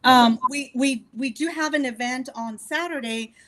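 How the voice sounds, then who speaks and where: A woman's voice: high voice, moderate pace, a bit bright. A woman from Texas, a guest musician chatting casually in a radio interview and telling stories with frequent laughter. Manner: chatty storyteller, laughs often.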